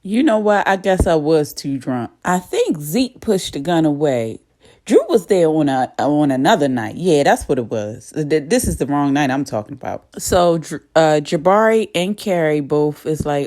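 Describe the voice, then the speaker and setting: A woman's voice: low-pitched, animated, normal speed, a little mellow. A woman casually recapping a TV episode in a chatty, profane, gossipy way.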